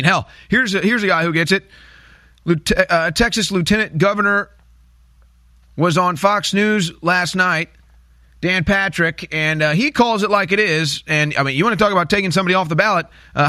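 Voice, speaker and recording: A man's voice: high voice, a little fast, sharp tone, no echo, clean studio sound. A man hosting a talk radio show, commenting in an indignant, mocking way and repeating his points.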